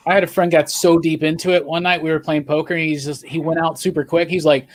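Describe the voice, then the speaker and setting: A man's voice: a little high, flat delivery, fast talker, hardly any pauses. A man hosting a casual online stream, chatting in a laid-back way and laughing often. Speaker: stream host. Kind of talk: casual chat.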